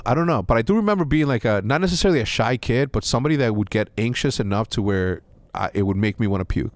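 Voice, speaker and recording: A young man from Mexico telling a story in casual chat, rambling with restarts and a lot of swearing. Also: fairly low pitch. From Mexico (Juárez). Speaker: podcast guest.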